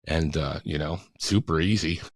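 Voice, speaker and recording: A man who works as a radio imaging voice talent, talking as a podcast guest in an eager, storytelling way, with a deep announcer-style voice and frequent laughs. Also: normal speed, no room sound, clean studio sound. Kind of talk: casual podcast chat.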